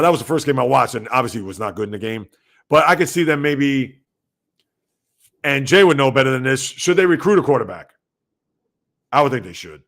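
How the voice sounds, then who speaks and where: A man hosting a sports talk livestream at home, speaking loudly and emphatically, rambling conversationally and answering viewer comments. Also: medium pitch, creaky. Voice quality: loud, emphatic delivery. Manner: rambling, conversational, talks back to chat.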